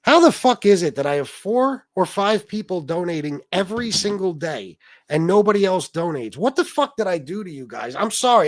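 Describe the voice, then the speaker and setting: A man's voice: sits high, sing-song, moderate pace, no echo. A man hosting a livestream, ranting profanely and aggrieved at his viewers. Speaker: livestream host.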